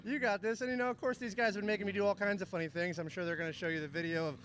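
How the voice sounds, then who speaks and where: A man's voice: high-pitched, fairly even intonation, racing, fairly bright tone, slight background noise. A man, a pro drift driver, talking enthusiastically in laid-back slang at a racetrack. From United States. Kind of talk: casual interview. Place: outdoors at a racetrack.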